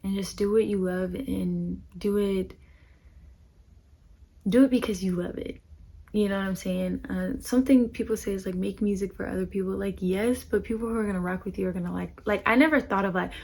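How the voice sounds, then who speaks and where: A young woman talks straight to her listeners in a loose, rambling way, leaning on fillers as she speaks from the heart about making music. Her voice is husky and a little breathy, with gravelly fry dragging at the ends of her phrases. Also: mid-range voice, moderate pace, darkish tone. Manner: rambling, earnest, filler-heavy. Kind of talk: casual heartfelt talk to camera.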